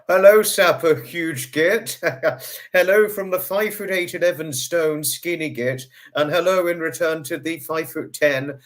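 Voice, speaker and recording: A man, hosting a casual livestream and reading out viewer comments in a chatty way, greeting each viewer with sudden high bursts. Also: a bit bright. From United Kingdom. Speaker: livestream host.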